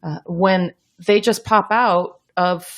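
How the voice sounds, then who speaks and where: A woman's voice: on the low side, steady tone, slow. A middle-aged woman hosting a podcast, talking in a reflective, casual way with easy laughs. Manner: reflective, laughs easily, talks in restarts. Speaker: podcast host.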